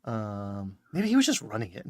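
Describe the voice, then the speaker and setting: A man's voice: fairly low pitch, huge pitch swings, moderate pace, darkish tone, no room sound. A man with a Long Island accent hosting a casual chat, rambling and correcting himself with chuckles. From Long Island, New York. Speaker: podcast host.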